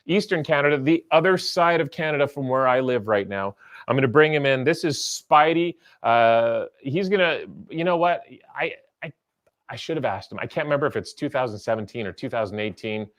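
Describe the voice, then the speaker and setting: A man's voice: medium pitch, fairly bright tone. Chatty guy hosting a magic livestream, upbeat, jokes on himself. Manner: chatty, upbeat, self-joking. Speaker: magician host. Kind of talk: live-stream show hosting.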